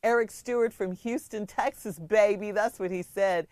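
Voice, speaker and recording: A middle-aged woman from Chicago co-hosting a radio show, chatting playfully with laughs, reading listener shout-outs and an advice letter. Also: medium pitch, normal speed, no room sound. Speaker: radio co-host giving advice. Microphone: studio microphone.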